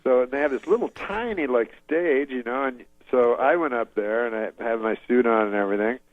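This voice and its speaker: A man from Canada tells a meandering story as a talk show guest, deadpan and halting, in a mid-pitched voice. The sound is dull and lo-fi, dry, with no room around it. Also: no room sound. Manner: halting, deadpan, full of fillers and restarts. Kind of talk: casual rambling anecdote.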